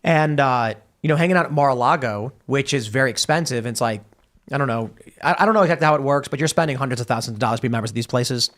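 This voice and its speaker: A man's voice: mid-range voice, quick pace, fairly bright tone. A man hosting a talk show, reading viewer messages aloud and rambling through a long story. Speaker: podcast host. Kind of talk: casual talk-show banter.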